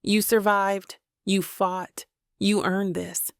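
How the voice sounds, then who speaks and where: A woman's voice: medium pitch, flat delivery, slow pace, dry recording, clean studio sound. A woman voicing a tender, protective bridesmaid friend. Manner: soft, affectionate.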